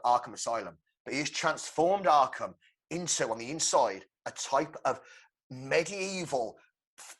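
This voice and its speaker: A man co-hosting a podcast, excitedly pitching a film plot with swearing and shouted sound effects. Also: husky. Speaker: podcast co-host. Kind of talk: animated movie-pitch storytelling.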